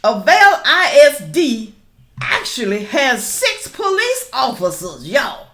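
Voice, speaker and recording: A middle-aged woman giving casual reaction commentary, reading news aloud and calling out to viewers as y'all, rising to loud emphatic questions. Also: high voice, wildly swooping pitch, takes it slowly. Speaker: political commentary vlogger.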